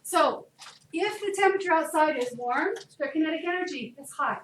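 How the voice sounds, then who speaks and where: This chemistry teacher, a woman with a high voice, speaks fairly quickly and keeps things lively, chatting and quizzing the class. Room echo and noise come through since the mic sits far away.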